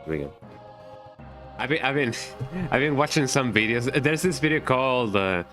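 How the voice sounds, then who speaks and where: A man's voice: medium pitch, expressive, moderate pace, fairly bright tone, faint music behind. A man streaming a game, chatting casually in a rambling way with many fillers and restarts, his first language Spanish. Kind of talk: casual gaming stream chat.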